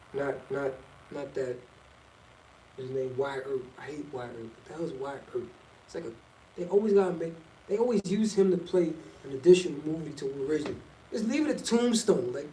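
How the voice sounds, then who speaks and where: A man's voice: fairly high pitch, warm tone, a little hiss or hum. A middle-aged man telling a loose, slangy story in a rambling casual monologue. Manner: loose and rambling, slangy, jumps between topics. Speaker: vlogger. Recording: echoey, from a distance off the mic, faint ambience.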